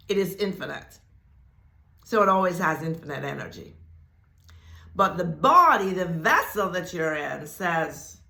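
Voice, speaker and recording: A woman giving a spiritual talk as host of her channel, speaking deliberately, repeating phrases for emphasis and laughing often. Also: mid-range voice, sharp tone. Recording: echoey room.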